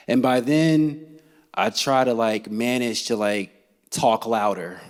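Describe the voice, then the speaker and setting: A man telling a funny personal story to a live audience, animated and laughing as he goes. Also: medium pitch, slow. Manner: animated and comic, laughing as he tells it. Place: theater stage.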